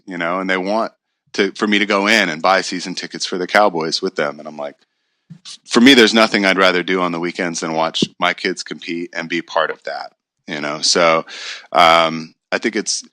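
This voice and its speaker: A man who coaches youth track, talking about his kids reflectively in a casual podcast conversation, with many pauses and fillers. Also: low-pitched, sharp tone, no echo.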